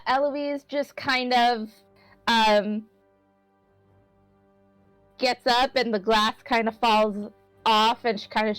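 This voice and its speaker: A woman with a fairly high, smooth voice describes her character while playing a tabletop game, heavy on fillers and hedges as she rambles. The recording is rough but has no echo.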